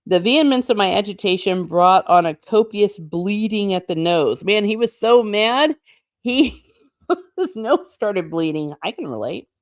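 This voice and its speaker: A woman's voice: medium pitch, lively intonation, a little slow, no echo, clean studio sound. A woman reading a novel aloud and breaking off for casual, chatty comments, laughing often as she reacts to the text. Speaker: book channel host.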